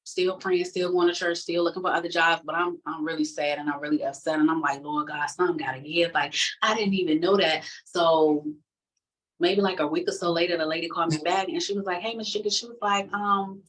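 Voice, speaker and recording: A woman's voice: lowish voice, brisk, distant mic, poor audio. A woman telling her personal testimony in a casual, conversational way, acting out the people in her story. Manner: animated, acts out the other people in her story.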